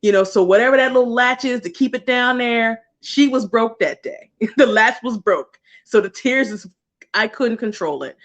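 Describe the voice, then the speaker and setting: A woman's voice: on the high side, moderate pace. Chatty, laughing woman card reader. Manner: chatty, laughs often, casual slang and swearing. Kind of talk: casual livestream talk.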